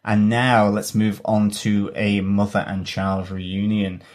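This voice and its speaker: Low-voiced rambling podcast man. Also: completely flat delivery, slow pace, darkish tone. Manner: rambling, restarts with ums. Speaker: podcast co-host. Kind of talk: casual podcast chat.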